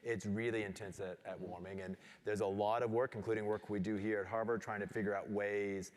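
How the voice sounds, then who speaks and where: A man moderating a panel, asking questions in a measured, explanatory way on a stage microphone in a large event hall. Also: lowish voice, level tone, a little mellow. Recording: long hall reverb.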